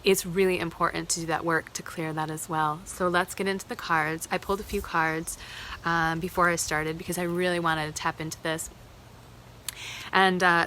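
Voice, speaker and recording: A woman leads a live tarot reading, earnest and openly emotional as she thinks aloud. Her voice sits a little low but has a bright, forward edge. A faint hiss runs underneath. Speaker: tarot reader hosting a live moon reading.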